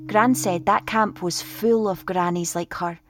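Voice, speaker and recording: A woman reading a first-person storybook as an expressive child narrator. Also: medium pitch, measured pace. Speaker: audiobook reader. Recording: read over clear music.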